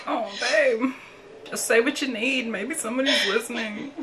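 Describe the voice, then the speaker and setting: A woman's voice: a little high, normal speed, very noisy. A woman reacting to a horror movie she is watching for the first time, talking back at the characters on screen and swearing freely.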